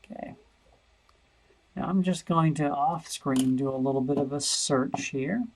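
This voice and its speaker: A man's voice: mid-range voice, measured pace, low-quality recording. A man teaching a math lesson over a screen recording, thinking aloud and repeating words as he searches.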